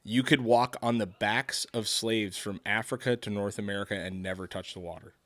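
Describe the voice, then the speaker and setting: A man with a bright, forceful tone co-hosts a casual podcast over a studio mic. He reacts emphatically and swears freely. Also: fairly low pitch, steady tone, normal speed. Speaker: podcast co-host.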